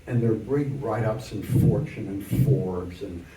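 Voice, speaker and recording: An older man lecturing on economics in a wry, explanatory manner, his voice mellow and dark. He sounds distant from the microphone in an echoey room, with a faint hum of ambience behind him. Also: fairly low pitch, takes it slowly. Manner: wry, explanatory storytelling from memory. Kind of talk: adult education lecture.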